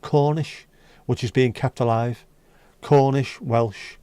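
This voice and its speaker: A man from North West England hosts a livestream, talking slowly in a warm, smooth, steady medium-pitched voice with no room sound. Blunt and chatty, he swears casually while chatting with his viewers in the live chat.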